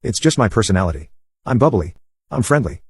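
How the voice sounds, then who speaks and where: A man's voice: fairly low pitch, big pitch swings, a little fast, slightly rough, no echo, exaggerated voice. A man doing a vain, defensive girlfriend. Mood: defensive, scornful. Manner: dismissive, defensive.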